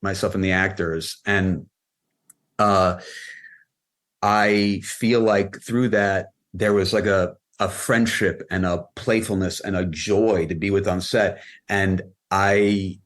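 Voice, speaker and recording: Low-voiced man, rambling guest chat. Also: steady tone, takes it slowly, a bit bright. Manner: rambling, many "like" fillers and restarts. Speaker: film and music video director, guest. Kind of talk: casual interview chat.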